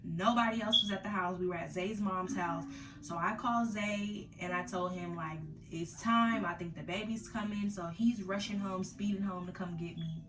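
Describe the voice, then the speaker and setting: A young woman vlogger telling her story in casual slang, animated, acting out her own past cries. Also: mid-range voice, moderate pace, roomy sound, distant mic, background noise.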